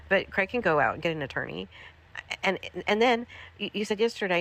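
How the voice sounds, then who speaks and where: A woman's voice: medium pitch, animated, a little fast, fairly bright tone. A woman hosting a commentary livestream, ranting in an exasperated, profane way, repeating herself.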